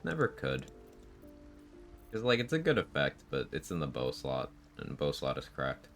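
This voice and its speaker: A man with an extremely low voice talks casually over his live game stream. He sounds sleepy and laid-back, laughs easily and swears offhandedly, with faint music playing underneath. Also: huge pitch swings, moderate pace, a bit bright.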